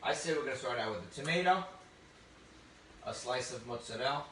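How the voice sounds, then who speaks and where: A man's voice: mid-range voice, lively intonation, brisk, pushed and bright, slight background noise. A man giving a live cooking demonstration, chatty and enthusiastic with frequent exclamations. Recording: roomy, distant mic with faint ambience.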